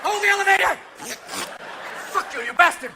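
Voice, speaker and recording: A man in his fifties performing a live stand-up routine, talking rapid-fire and jumping into character voices. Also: very high-pitched, lively intonation, gravelly, a crowd in the background, noisy background. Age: 50s. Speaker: stand-up comedian. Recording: live show recording with room ambience.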